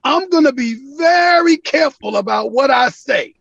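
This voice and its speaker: A sports TV commentator with a creaky, fairly bright voice and lively intonation tells emphatic stories at normal speed in an interview. He acts out quoted phone calls with big pitch swings, and the dry recording has its highs cut off.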